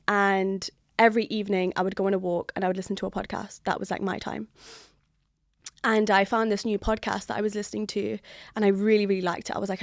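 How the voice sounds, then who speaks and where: A young woman in her twenties, a guest on a podcast, telling a story in an animated way with frequent laughter. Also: medium pitch, no echo, clean studio sound. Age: 20s. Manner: animated, laughs often, builds suspense. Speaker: guest, YouTuber. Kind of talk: storytelling in a casual interview.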